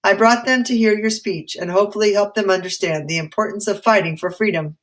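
A woman voicing an eager, excitable male history teacher who gushes with admiration. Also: mid-range voice, fairly quick, pitched above the performer's own voice, lightly acted.

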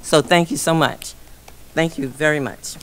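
A woman chairing a school board meeting, reading a memorial list slowly and solemnly, becoming emotional. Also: low-pitched. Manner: slow, solemn reading of names. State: emotional, voice breaking. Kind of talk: formal meeting proceedings.

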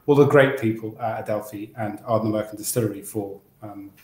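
A man's voice: on the low side, fairly even intonation, brisk, darkish tone. Chatty man in a roomy room. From England. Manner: enthusiastic, chatty, rambling with restarts. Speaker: podcast co-host. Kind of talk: casual chat. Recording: roomy echo.

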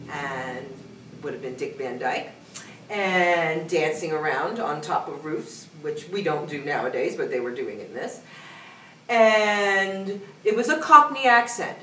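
A woman music teacher leading a singing lesson, singing short phrases and then coaching in a soft, brisk speaking voice. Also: fairly low pitch, a little hiss or hum. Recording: roomy sound from a distance, piano behind. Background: piano.

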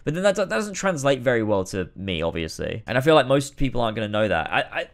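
A man streaming a game, rambling commentary that breaks into shouting rants. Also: medium pitch, big pitch swings, quick pace, gravelly. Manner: rambling, many restarts, bursts into shouting rants. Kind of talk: casual let's-play commentary.

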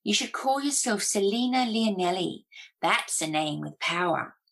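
A woman's voice: medium pitch, lively intonation, measured pace, vocal fry, a bit bright, heavily acted, low-quality recording. A woman voicing an ancient, toothless female witch who mocks and probes with sly questions. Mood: probing.

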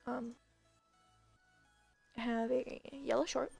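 A woman's voice: fairly high pitch, flat delivery, slow, vocal fry, a little mellow, breathy edge, no echo, soft background music. A woman game streamer chatting to viewers during a live stream, giggling, gasping and squealing often. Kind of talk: excited live-stream chat.

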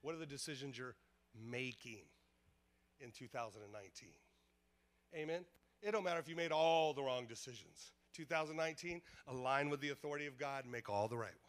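At a church service, a man preaches as pastor in a medium-pitched voice at a fairly quick pace. He is emphatic and repetitive, calling out questions to the congregation.

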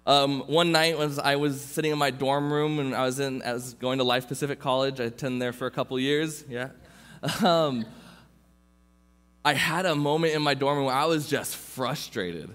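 A young man gives a sermon in an easygoing, storytelling way, often restarting his sentences. His voice sits at an ordinary middle pitch. A long reverb from the church hall trails after his words. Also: fairly even intonation, normal speed, fairly bright tone. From Southern California. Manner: informal, personal storytelling with restarts. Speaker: youth pastor. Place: church sanctuary.

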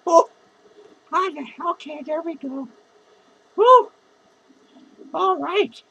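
A man's voice: very high voice, very slow, creaky, long pauses, sharp tone, heavily acted, low-quality recording. A man playing a drunk, foul-mouthed lonely clown who rambles, slurs and giggles through a comedy monologue. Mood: drunk, rambling. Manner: slurred, rambling, swearing constantly, giggling. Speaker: comedy character performer.

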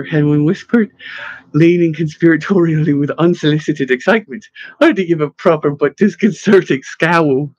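A man narrating an audiobook in a measured, gentle way. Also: on the high side, breathy edge, dry recording. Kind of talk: scripted narration. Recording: slightly dull, dry recording.

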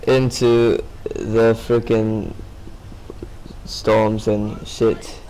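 Slow-talking, sleepy young gamer guy. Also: mid-range voice, steady tone, a little mellow, poor audio. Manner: swearing, rambling, talking to himself. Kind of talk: casual gameplay commentary.

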